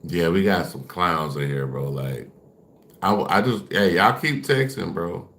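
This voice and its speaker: A man's voice: low-pitched, a little slow, a bit bright. A man on a casual livestream, taunting and dismissing his chat while repeating himself.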